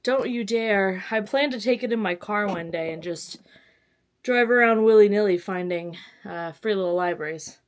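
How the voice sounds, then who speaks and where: A woman's voice: mid-range voice, normal speed. A young woman from Texas chatting casually to camera in a home vlog, self-mocking, with sudden squeals and whispered asides. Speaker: book vlogger.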